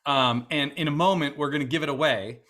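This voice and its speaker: A man's voice: fairly high pitch, brisk, pushed and bright. A man with a Boston accent hosting a virtual fundraiser, chatty and upbeat with many fillers. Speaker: event host.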